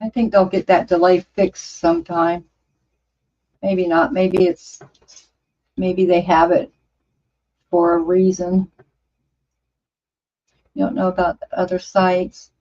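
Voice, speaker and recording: A slow-talking woman over fifty chats casually on a home livestream, rambling and exclaiming as she answers viewers. Her voice comes through dull, lo-fi stream audio. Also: lowish voice, level tone, dark tone. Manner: rambling, chatty, exclaims often. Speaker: livestream host. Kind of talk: casual chat reading viewer comments. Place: home studio.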